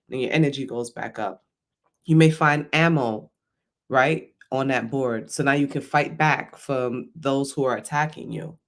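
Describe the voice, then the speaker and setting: Chatty man giving a motivational talk. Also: medium pitch. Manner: conversational, rambling, often asks "right?". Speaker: vlogger.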